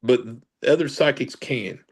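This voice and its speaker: With a gravelly, husky, mid-range voice and an unhurried delivery, a man from Kentucky shares paranormal stories as a podcast guest. He tells them casually and ramblingly, full of fillers and self-corrections.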